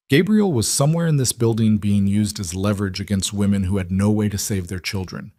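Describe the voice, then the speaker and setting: A man reads a scripted drama story in a low voice, slow and dramatic. The recording is dry and close, with no room sound. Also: a little mellow, no echo. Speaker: narrator.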